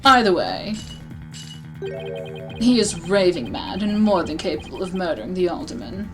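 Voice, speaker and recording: A woman's voice: fairly low pitch, sing-song, moderate pace, music in the background, poor audio. A woman doing a sneering prosecutor in a mock British accent.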